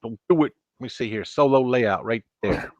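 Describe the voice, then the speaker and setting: A man's voice: medium pitch, moderate pace, no room sound. A man hosting a casual late-night live stream on a laptop mic, joking around and reading out viewer comments. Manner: jokey, keeps reading out viewer chat and counts. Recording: dry, dull lo-fi sound.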